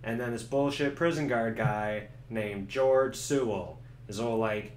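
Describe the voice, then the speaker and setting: A young man giving a sarcastic, swearing comedic review of a video game and acting out the characters in quick voices. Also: medium pitch, fairly even intonation. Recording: echoey room.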